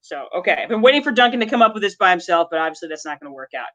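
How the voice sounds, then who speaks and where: A woman's voice: on the low side, big pitch swings, racing, fairly bright tone. A woman co-hosting a casual podcast chat about a movie, talking in a chatty, enthusiastic, rambling way. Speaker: co-host.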